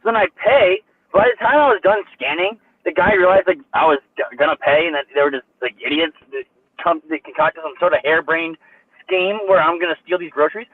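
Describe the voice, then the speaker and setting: A man's voice: on the high side, animated, a little fast. A young man telling a long, profane, rambling story in casual chat, full of fillers. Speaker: co-host. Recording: tinny phone-like line, dry.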